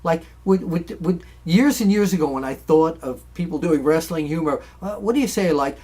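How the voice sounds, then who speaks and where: A man's voice: on the high side, moderate pace, warm tone. A man hosting a casual chat, talking in a chatty way and stretching his sentences out with fillers. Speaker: host.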